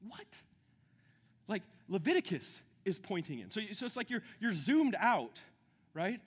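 A man preaching a sermon with great enthusiasm, dropping to a hush and then building to shouts. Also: high voice, husky, in a large hall. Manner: enthusiastic, swings from hushed to shouting. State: out of breath. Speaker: pastor.

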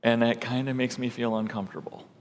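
A man's voice: medium pitch, level tone, fast. Preacher man in an echoing hall. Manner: conversational preaching with acted quotes and rising emphasis. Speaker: pastor. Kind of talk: sermon.

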